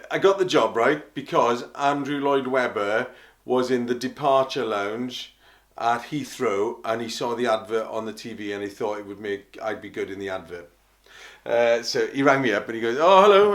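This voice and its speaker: A man's voice: mid-range voice, fairly bright tone. A Welsh man, an opera singer, telling anecdotes in a chatty, self-mocking way, often laughing at himself. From Wales. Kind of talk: casual anecdotal storytelling.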